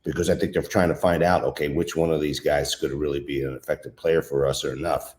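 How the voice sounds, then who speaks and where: A man giving casual baseball analysis on a sports talk show, halting and opinionated, with frequent restarts. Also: very deep voice, steady tone, a little mellow, a little hiss or hum.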